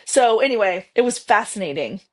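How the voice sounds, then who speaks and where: A woman's voice: mid-range voice, animated, brisk, darkish tone. A woman in her fifties, a podcast guest, telling personal stories in a rambling, casual way, often restarting and quoting herself. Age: 50s. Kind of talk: casual storytelling interview.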